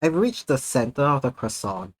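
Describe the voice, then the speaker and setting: A man's voice: medium pitch, big pitch swings, normal speed. Man, streamer, casual chat, playful and jokey, laughs a lot, talks between bites. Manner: speaking between bites of food.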